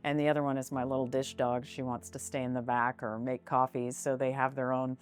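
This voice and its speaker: A woman's voice: very deep voice, little pitch movement, a little fast. A woman who owns a small business, talking frankly and animatedly in a casual interview and using fillers like "like" and "you know". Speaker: business owner, interview guest.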